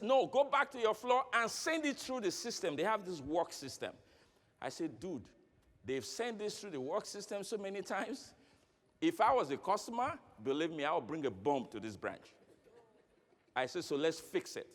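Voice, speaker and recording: A man giving a motivational keynote speech at a conference, telling stories with acted dialogue and questioning the audience. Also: sits high. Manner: animated, storytelling with acted dialogue. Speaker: keynote speaker. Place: large conference hall. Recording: long reverb of a large hall.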